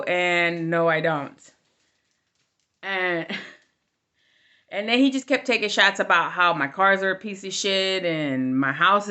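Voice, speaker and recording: A woman's voice: fairly low pitch, pushed and bright. A middle-aged woman telling a candid storytime vlog in a blunt, casual way with plenty of swearing. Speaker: vlogger.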